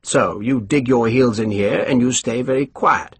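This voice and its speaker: A man's voice: medium pitch, moderate pace, slightly rough, no echo. A man voicing a pompous, condescending army colonel who turns irritable, read for an audiobook. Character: pompous, snappish middle-aged male army colonel.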